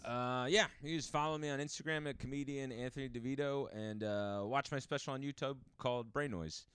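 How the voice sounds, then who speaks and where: A man's voice: mid-range voice, fairly even intonation, fairly quick, fairly bright tone, clean tone, no room sound, clean studio sound. A man with a New Jersey accent, a comedian guest on a podcast, who chats in a laid-back way and laughs often. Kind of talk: casual chat.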